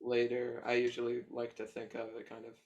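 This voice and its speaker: A man's voice: medium pitch, completely flat delivery, a little fast, a little mellow. A male student answering briefly and hesitantly over a video call. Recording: distant, dull video call audio.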